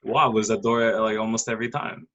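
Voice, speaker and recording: A man co-hosting a casual podcast, telling stories in an animated way. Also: lowish voice, fast, highs cut off. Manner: animated, swings voice acting out people. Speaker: podcast co-host. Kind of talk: casual storytelling chat.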